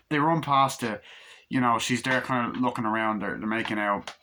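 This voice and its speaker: An excitable young man in his twenties rattles through a film recap, swearing freely and rambling from scene to scene. His voice is bright and forceful at an ordinary pitch for a man. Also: normal speed, a little hiss or hum. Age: 20s. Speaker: movie reviewer.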